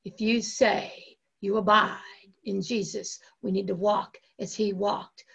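A woman pastor preaching a sermon with impassioned, drawn-out emphasis and repeated phrases. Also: mid-range voice, flat delivery, creaky, a bit bright, slightly rough.

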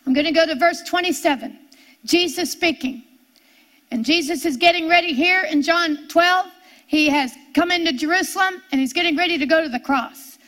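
A woman preaching a sermon, reading scripture slowly and drawing out her words. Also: very high-pitched, a bit bright. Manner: slow, drawn-out scripture reading.

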